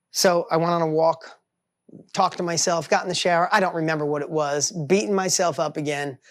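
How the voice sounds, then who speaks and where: Energetic storytelling man in his fifties. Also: fairly high pitch, a little fast, dry recording, clean studio sound. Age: 50s. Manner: energetic, talks in bursts, acts out voices in his stories. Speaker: author and entrepreneur. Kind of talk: animated storytelling.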